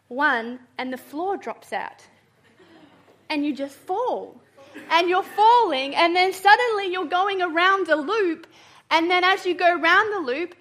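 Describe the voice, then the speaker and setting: A woman with a high, bright voice gives a sermon built around a personal story. Her telling is animated, and she often breaks into laughter. Her tone is lively and upbeat. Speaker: preacher.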